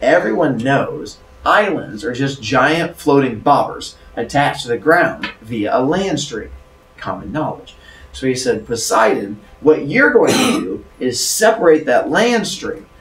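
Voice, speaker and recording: A man's voice: mid-range voice, big pitch swings, measured pace. A man retelling a myth as a teacher, in a playful, jokey way. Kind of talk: animated storytelling lesson. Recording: roomy, distant mic.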